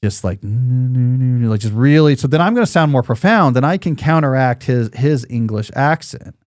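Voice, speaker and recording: A man's voice: mid-range voice, lively intonation, a little fast, no echo, clean studio sound. A man in his forties hosting a podcast in casual chat, rambling and joking, with lots of fillers and restarts. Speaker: podcast host.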